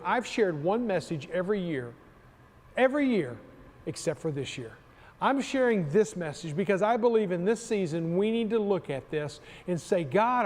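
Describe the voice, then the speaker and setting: Pastor guy preaching, high voice, lots of repeating for emphasis, big echoey church hall. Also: darkish tone. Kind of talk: sermon. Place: church sanctuary.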